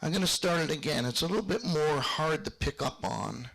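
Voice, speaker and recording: A man's voice: fairly high pitch, expressive, brisk, gravelly, fairly bright tone. A middle-aged man teaching square dance calling on a video call, chatty, explaining with hummed beats and sample calls. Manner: chatty, explains with hums and called sample lines. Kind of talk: online workshop lesson with demonstrations.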